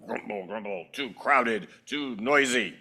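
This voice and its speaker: A grumpy grown-up neighbor, voiced by a man mutters complaints low under his breath. The grumbling is slow and drawn out, a storybook voice read aloud in church. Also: sharp tone.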